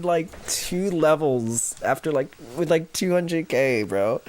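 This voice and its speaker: A man's voice: a little high, measured pace, hardly any pauses. A man streaming a puzzle game, chatting casually and rambling through self-corrections with the odd swear. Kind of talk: casual gameplay commentary.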